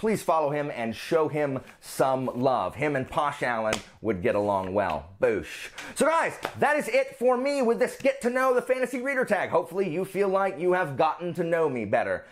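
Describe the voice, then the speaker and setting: A man's voice: fairly high pitch, moderate pace, hardly any pauses. A man hosting a book channel, chatting casually with a rambling, playful manner. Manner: lively, rambling, playful asides. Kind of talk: casual chat.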